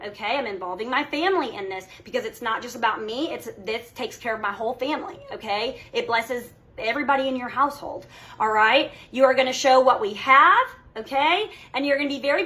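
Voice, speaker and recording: A woman in her thirties, a direct sales team leader, gives her sales team a motivational training talk. Her voice is fairly high and sharp, and she coaches emphatically, constantly checking in with "okay?" and "all right?"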